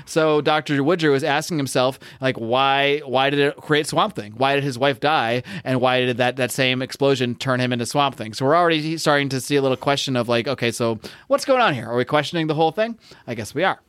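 A man's voice: medium pitch, fairly quick, fairly bright tone, clean tone, no room sound, clean studio sound. An American man co-hosting a podcast, chatting casually and rambling, correcting himself and laughing often. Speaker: podcast co-host. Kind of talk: casual comic book podcast chat.

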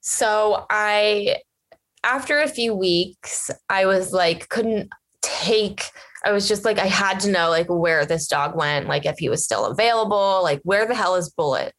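A young woman talks straight to her viewers in a casual, gushing rush, with fillers in nearly every phrase. Her voice sits at an ordinary middle pitch for a woman. She sounds like a vlogger telling a personal story. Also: a bit bright. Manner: chatty, fast and gushing, many fillers. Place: lives in Los Angeles area.

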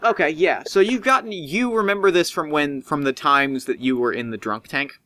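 A man's voice: on the high side, normal speed, pushed and bright. A man narrating as game master in a tabletop role-playing game, casual and rambling with fillers.

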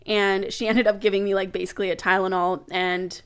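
A woman's voice: medium pitch, a little fast, clear, resonant tone. Chatty young woman telling a story. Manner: animated storytelling with laughs and swearing. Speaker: podcast guest. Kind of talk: casual chat.

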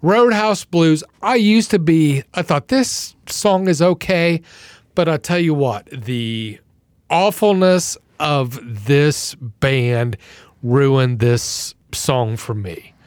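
A man co-hosting a podcast in casual chat, blunt and swearing freely, with a lot of swing in pitch and pace. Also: slow pace, clear, resonant tone, no room sound. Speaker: podcast co-host.

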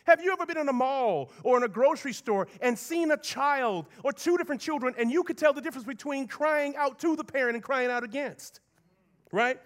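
A man preaching a sermon as pastor, moving between soft low asides and raised, emphatic lines. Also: brisk.

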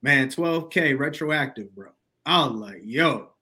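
A young adult man, a podcast guest, telling his story in a lively, slangy way and acting out the quotes. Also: a little high, unhurried. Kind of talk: storytelling in casual conversation.

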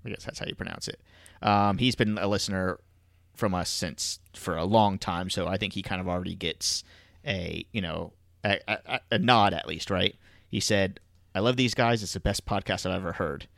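Gravelly low-voiced podcast co-host man. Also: fairly bright tone, no echo, studio quality. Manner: easygoing, halting, many fillers. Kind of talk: casual chat.

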